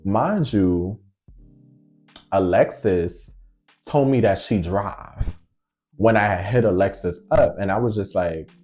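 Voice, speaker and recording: A man casually telling a story to his viewers in a slangy, animated way, acting out each side of the conversation. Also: on the low side, slow, long pauses, soft background music.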